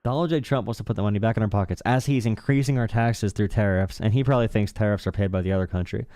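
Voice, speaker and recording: A man's voice: on the low side, quick pace, dark tone, dry recording, studio quality. A young man hosting a casual political call-in stream, sarcastic and mocking. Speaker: livestream talk show host.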